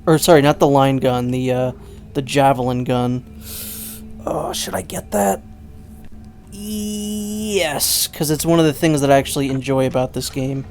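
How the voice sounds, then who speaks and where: Brief: a casual let's-play host, rambling and self-mocking, with a middle-pitched voice and faint music behind. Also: male voice, steady tone, fairly quick, a little mellow. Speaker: gameplay commentator.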